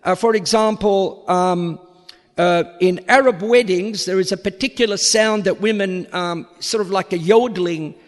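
High-pitched aussie guy with a bit of american in it, priest giving a talk, slow, long echo of a hall. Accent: Australian with a slight American tinge. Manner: unhurried, repeats words while searching for the next. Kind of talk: public lecture.

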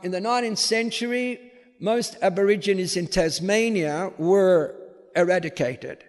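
High-voiced priest lecturing in a hall. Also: male voice. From Australia. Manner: emphatic, asks the audience rhetorical questions.

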